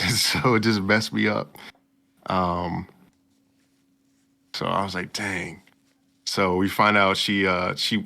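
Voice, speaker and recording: A man casually recapping an anime episode as a podcast co-host, slipping into quick mock voices for the characters. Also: low-pitched, gravelly, bright, forceful tone. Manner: loose storytelling with slang and quick mock voices.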